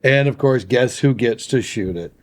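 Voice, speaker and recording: This podcast co-host has a mid-range, somewhat dark voice and speaks at normal speed. He chats loosely, laughs often and leans heavily on fillers.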